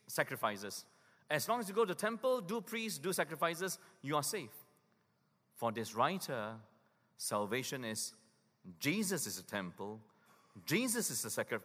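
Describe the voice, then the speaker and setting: A male pastor preaching a sermon with emphatic urgency, dropping to hushed lows for weight. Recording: long hall reverb.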